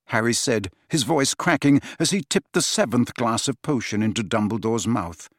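Expressive male audiobook narrator. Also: medium pitch, no echo, studio quality. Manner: dramatic, expressive reading. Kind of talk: scripted narration.

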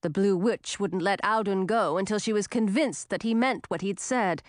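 A woman narrating a storybook in an expressive, animated reading style. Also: medium pitch, normal speed, no room sound, clean studio sound.

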